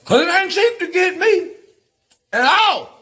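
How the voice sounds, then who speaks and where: A man delivering a loud, profane rant in a video clip, repeating his insults over and over. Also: extremely high pitch, animated, a little slow. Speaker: guest commentator in a played clip.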